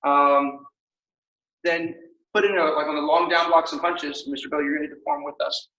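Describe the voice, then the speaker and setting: A man teaching a martial arts class, calling out commands with energetic shouts and laughter. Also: fairly high pitch, moderate pace, lo-fi sound. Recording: echoey room, mic far off.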